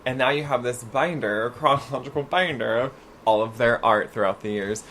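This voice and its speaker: A man co-hosts a casual podcast chat at an average pitch. His reactions are animated and emphatic. He jumps in freely with strong opinions. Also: brisk, a little hiss or hum. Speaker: podcast co-host.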